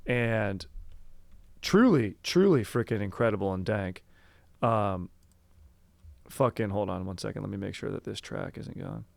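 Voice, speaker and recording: A young man hosting a casual comedy podcast, excitable, swearing and saying "dude" often. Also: fairly low pitch, measured pace, vocal fry, long pauses, no room sound. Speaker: podcast host. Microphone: headphones on.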